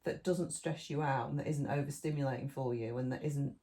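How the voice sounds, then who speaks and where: A woman's voice: a bass voice, fairly even intonation, fairly quick, warm tone. Rambling middle-aged woman. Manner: rambling, listy, restarts mid-thought. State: eating while talking. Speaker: podcast co-host. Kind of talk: casual chat.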